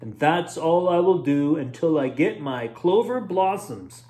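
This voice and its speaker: Man doing a grumpy, yelling clover guard. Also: on the high side, animated, unhurried. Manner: gruff, yelling.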